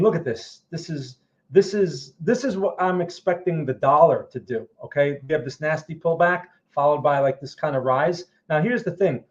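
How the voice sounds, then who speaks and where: Higher-voiced man explaining markets, muffled audio. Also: a little mellow. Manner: explanatory, checks in with frequent "okay?" and "right?". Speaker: trading livestream host. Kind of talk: casual live market commentary.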